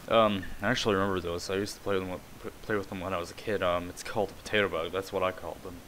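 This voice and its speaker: A man's voice: low-pitched, level tone, very fast, hardly any pauses, a bit bright, a little hiss or hum, poor audio. A man from Canada, talking in a casual vlog in a rambling, offhand way and swearing now and then.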